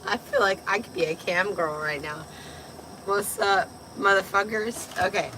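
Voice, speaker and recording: A young woman with a raspy voice, tipsy and chatting casually on a livestream, loose, giggly and swearing. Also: lowish voice, a little fast, pushed and bright, a little hiss or hum, poor audio. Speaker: vlogger.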